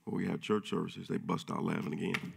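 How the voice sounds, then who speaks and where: A man's voice: sits low, level tone, fairly quick, vocal fry, a little hiss or hum. A man from the United States following up in a church service, talking enthusiastically and laughing as he tells a story. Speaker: pastor. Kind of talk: sermon follow-up.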